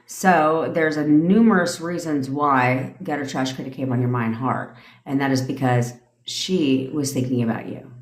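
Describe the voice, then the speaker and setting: Speaking at a moderate pace with barely a pause, a low-voiced middle-aged woman coaches listeners during a relaxed livestream rant. As a manifestation coach she's profane and direct, and her voice bounces around an echoey space.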